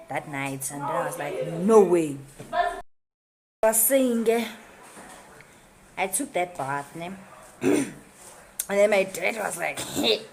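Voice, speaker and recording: Low-voiced South African young woman. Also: gravelly, noisy background. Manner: chatty, peppered with slang and fillers. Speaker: YouTuber. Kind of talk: casual storytime. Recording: music playing behind.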